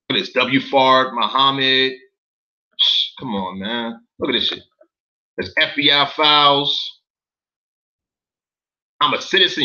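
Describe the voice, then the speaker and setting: Bright-voiced man in incredulous commentary. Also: a little high, lo-fi sound. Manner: incredulous, profane, keeps asking viewers questions. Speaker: commentator reading documents to viewers. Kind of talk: casual commentary reading documents aloud.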